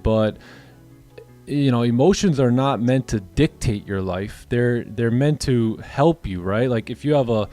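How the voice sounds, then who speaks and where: Man, trading stream host, casual chat, rambling, mid pitch, faint background music. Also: normal speed, dark tone. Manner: rambling, repeats words, answers chat questions.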